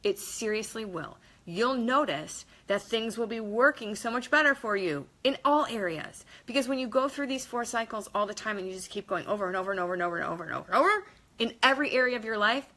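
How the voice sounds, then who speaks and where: A woman speaks to her viewers in a casual, motivational vlog, with a fairly high, bright and forceful voice. She talks emphatically and bluntly, with the odd mild swear, and acts out quoted people in shifting voices. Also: expressive, fast talker. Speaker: motivational vlogger. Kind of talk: casual motivational talk to camera.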